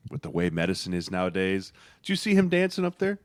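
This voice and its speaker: A man co-hosting a sports podcast, an emphatic, animated storyteller who swears casually. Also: low voice, fast talker, no echo, clean studio sound. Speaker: podcast co-host, former lineman.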